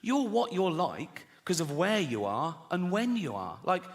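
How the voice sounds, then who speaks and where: A man's voice: high voice, very animated, a little slow, big-room sound. A man doing a stand-up routine, sardonic and sweary, often breaking into laughter. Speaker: comedian.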